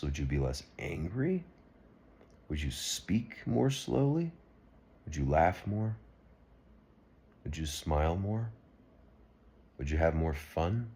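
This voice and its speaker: Deep husky man, rambling and earnest. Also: a little mellow. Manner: rambling and earnest, with frequent restarts. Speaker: video blogger. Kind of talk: unscripted political monologue.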